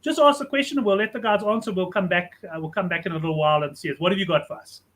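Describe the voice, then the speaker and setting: A man hosting a betting panel show, briskly moving on from one guest to the next. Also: high voice, a bit bright. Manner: brisk, moves guests along. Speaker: host.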